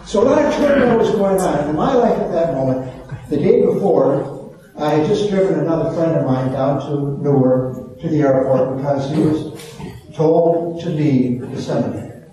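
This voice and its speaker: An older man, a priest, giving a homily at Mass with lively storytelling and frequent laughs. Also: fairly high pitch, moderate pace. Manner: storytelling, animated, laughs often. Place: large church. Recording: echoey church from far off.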